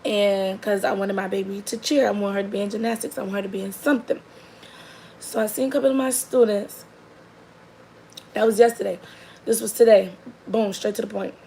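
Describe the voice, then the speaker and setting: A young woman telling a funny story in a chatty, animated way with quick asides. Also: medium pitch, a little hiss or hum, poor audio. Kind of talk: casual comedic storytelling.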